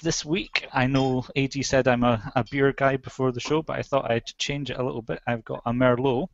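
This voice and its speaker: A man's voice: medium pitch, fairly even intonation, brisk, creaky. A man introducing himself in an easygoing, self-deprecating way over a video call. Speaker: video editor. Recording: dry, dull video-call audio.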